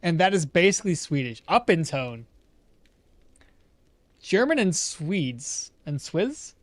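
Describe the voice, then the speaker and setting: A man's voice: fairly high pitch, big pitch swings, slow pace, dry recording. A man streaming a game, talking casually and rambling to his viewers, often correcting himself mid-sentence. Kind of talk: casual gameplay commentary.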